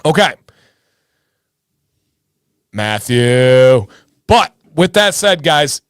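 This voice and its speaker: A male livestream host with a fairly high, bright-edged voice talks casually to his chat, calling out viewers by name and answering their questions. His sound is dry and close, with no room echo around it. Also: lively intonation, normal speed. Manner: hypes and greets viewers by name, reads chat aloud.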